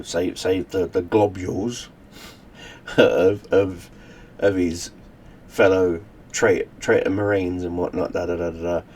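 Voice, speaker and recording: A man's voice: low voice, a little mellow, slight background noise. A man hosting his channel, casually retelling a story he wrote, rambling with many restarts and fillers. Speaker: channel host. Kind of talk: casual story recap to camera.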